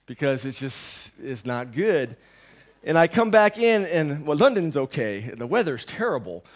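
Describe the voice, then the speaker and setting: A man's voice: fairly high pitch, sing-song, measured pace. A man in his thirties preaching a rambling, self-deprecating sermon, while sick with a sore throat and medicated. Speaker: pastor. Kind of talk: conversational sermon. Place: church.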